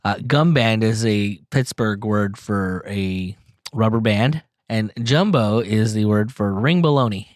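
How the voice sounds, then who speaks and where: A man's voice: on the low side, unhurried, no echo. A man hosting a podcast in casual chat, rambling and joking, with frequent swearing. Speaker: podcast host.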